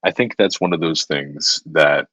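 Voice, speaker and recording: A man's voice: rumbling low, measured pace, a bit bright, no room sound. A young man co-hosting a podcast, speaking in a reflective, earnest and encouraging way. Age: young adult. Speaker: co-host. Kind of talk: casual chat.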